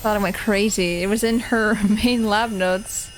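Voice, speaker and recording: A young woman streaming a video game live, reacting out loud with giggles and emotional comments. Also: mid-range voice, steady tone, a little slow. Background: faint game music.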